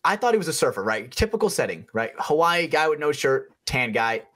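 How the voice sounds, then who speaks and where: A young man co-hosting a podcast, telling a story in a loose, animated way, swearing freely and acting out the people in it. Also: on the high side, brisk. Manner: animated, swearing storyteller who acts out voices. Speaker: podcast co-host. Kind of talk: casual storytelling chat.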